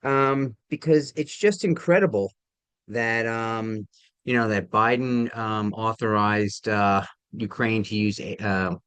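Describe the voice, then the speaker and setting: A tired man talking casually to camera, halting, with many ums and restarts. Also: lowish voice, a bit bright, clear, resonant tone, dry recording. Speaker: vlogger.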